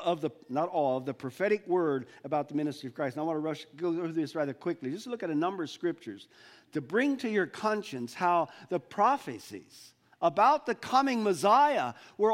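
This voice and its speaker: A man preaching a sermon as pastor, earnest and searching, often restarting his sentences. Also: high-pitched.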